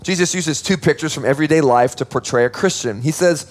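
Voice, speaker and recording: Male pastor, sermon delivery, earnest and emphatic, slightly higher voice. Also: fast, hardly any pauses. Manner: earnest, emphatic preaching with teaching asides.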